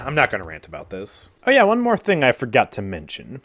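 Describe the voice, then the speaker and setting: A man's voice: mid-range voice, huge pitch swings, normal speed, a bit bright. A young man giving casual gameplay commentary on a game update, sarcastic and exasperated, often sighing and laughing. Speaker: gaming YouTuber.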